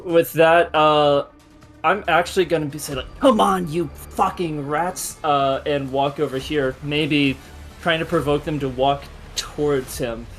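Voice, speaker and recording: A man with a fairly high voice narrates his character in a tabletop game and describes each action step by step. Soft music plays quietly behind him. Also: fairly even intonation, measured pace. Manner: descriptive storytelling. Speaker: player.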